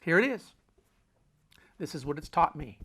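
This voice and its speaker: A middle-aged man hosting a motivational talk, emphatic and folksy, repeating key phrases and swinging between loud and quiet. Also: a little high, sing-song, moderate pace, slightly rough. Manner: folksy, talks with his hands. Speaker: host.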